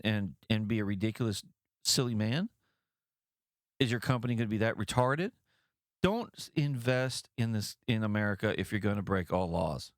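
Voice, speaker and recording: A man's voice: mid-range voice, dry recording, studio quality. Blunt, profane man ranting over the news. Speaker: podcast host. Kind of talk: opinionated news commentary.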